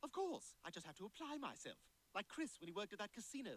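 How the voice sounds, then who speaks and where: A man's voice: high-pitched, very animated, quick pace, fairly bright tone, slight background noise, poor audio. A man voicing a scheming, pompous baby boy in a cartoon, talking in a haughty, theatrical way.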